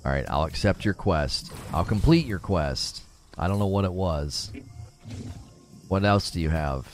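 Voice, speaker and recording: A man's voice: low-pitched, lively intonation, unhurried, soft background music. A man streaming a game, chatting casually with his viewers, self-mocking and restarting often. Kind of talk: casual livestream chat while playing.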